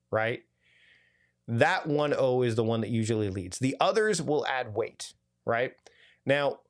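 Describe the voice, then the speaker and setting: A man of medium pitch leads a live online workshop as a productivity coach. He talks in a casual, animated way, piling on asides and restarting his sentences. It sounds like a video call.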